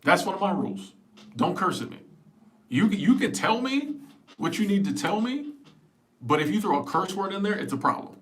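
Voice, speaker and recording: Animated man in his forties chatting live. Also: sits high, moderate pace, pauses often. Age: 40s. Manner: animated, emphatic, joking. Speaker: live-stream host. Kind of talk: casual live-stream chat answering viewers. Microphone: small wireless clip-on mic.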